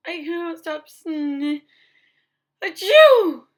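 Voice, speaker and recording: A woman's voice: sits high, sing-song, exaggerated voice. A woman voicing a fretful, dramatic young elephant who keeps stammering and sneezing, in a storybook reading. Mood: worried, dramatic. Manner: slow, halting, prone to sneezing fits. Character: anxious elephant boy, dramatic and worried.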